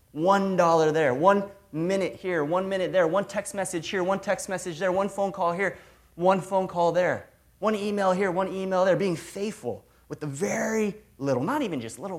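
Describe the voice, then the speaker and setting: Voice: mid-range voice, moderate pace. Emphatic preacher giving a sermon. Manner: emphatic, repeats key phrases, swings between loud and soft. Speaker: preacher, regional ministry director. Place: large room with a big audience.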